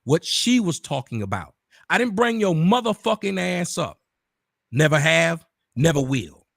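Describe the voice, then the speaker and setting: A man ranting straight at the camera, profane and confrontational, repeating himself and bursting into shouts. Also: on the high side, sing-song, unhurried, vocal fry, no echo, clean studio sound. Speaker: online commentator. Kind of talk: angry direct-address rant.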